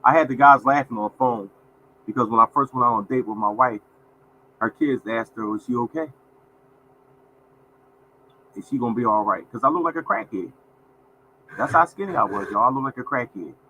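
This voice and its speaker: A man's voice: medium pitch, brisk, sharp tone, a little hiss or hum, low-quality recording. A man in his fifties hosting a casual livestream, folksy and repetitive, often calling out to viewers as y'all. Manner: folksy, repeats phrases, addresses viewers as y'all. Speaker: livestream host.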